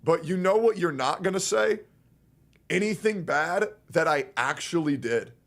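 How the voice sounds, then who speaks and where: High gravelly man ranting on stream. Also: animated, measured pace, a bit bright. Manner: crude, heated and mocking, then conciliatory. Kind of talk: angry streamer rant to the camera.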